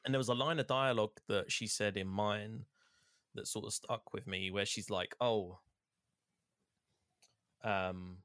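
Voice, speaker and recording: A man with a fairly low voice retells video game scenes in a loose, rambling way, quoting the characters as he goes. The recording is dry and close, with no room sound. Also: steady tone, unhurried, long pauses, fairly bright tone, no echo. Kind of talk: casual chat recapping a video game.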